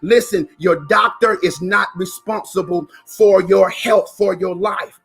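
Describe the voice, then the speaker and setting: A man giving an emphatic motivational talk, repeating phrases and sometimes rising to a shout. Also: high-pitched, unhurried, creaky, breathy edge, soft background music. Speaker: motivational speaker.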